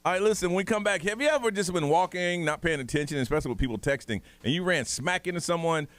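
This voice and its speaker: A man's voice: high voice, no room sound. A man hosting a morning radio show, chatting playfully with co-hosts and callers at a studio mic. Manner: animated, playful, quick reactions. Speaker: radio host.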